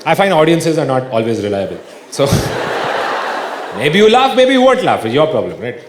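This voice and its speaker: A man doing stand-up comedy on a theater stage, animated and laughing at his own jokes. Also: fairly high pitch, normal speed. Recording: echoey theater with live audience. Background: audience laughter and crowd noise.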